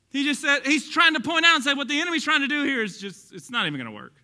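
Animated, joking pastor with a Texas twang. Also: male voice, very high-pitched, very fast, few pauses. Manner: animated, jokey, acts out quoted voices, bursts of shouting. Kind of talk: sermon.

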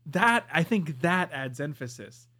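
A man co-hosting a podcast in casual chat, animated and emphatic. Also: fairly high pitch, unhurried. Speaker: podcast co-host.

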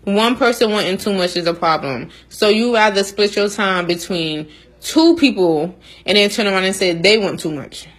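A woman's voice: mid-range voice, normal speed, poor audio. A woman co-hosting a podcast, telling stories in a blunt, teasing way in casual chat. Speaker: podcast co-host.

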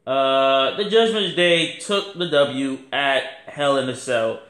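A man's voice: medium pitch, slow pace, fairly bright tone, roomy sound. A man hosting his podcast, giving a casual, rambling wrestling review full of slang and fillers. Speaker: podcast host.

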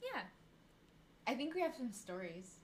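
A woman's voice: fairly high pitch, big pitch swings, unhurried, a little mellow, a little hiss or hum. A young woman co-hosting a podcast in casual, giggly, playful chat. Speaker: podcast co-host.

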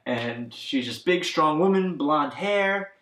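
A man's voice: on the high side, lively intonation, takes it slowly, a bit bright, slight background noise. A man in casual podcast chat, rambling with lots of fillers as he recaps a video game plot. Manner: rambling, many fillers, acts out characters' lines. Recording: echoey room.

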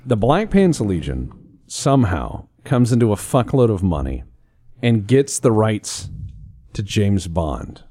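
A man's voice: lowish voice, big pitch swings, slow pace, mellow, dry recording, clean studio sound. A man hosting a casual podcast chat, laid-back and swearing freely.

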